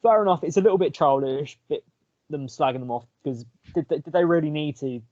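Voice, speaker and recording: Co-host: man, opinionated, slightly raised pitch, dry lo-fi sound. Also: brisk, a little mellow, no room sound. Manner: opinionated, storytelling. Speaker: podcast co-host. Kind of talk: casual football chat. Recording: dry, dull, lo-fi mic.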